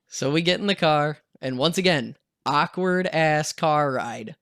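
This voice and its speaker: A man's voice: a little high, animated, measured pace, creaky, hardly any pauses, a bit bright, no echo, clean studio sound. A young man telling a story in a casual storytime vlog, acting out what people said. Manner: casual storytelling, acts out quotes. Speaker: vlogger.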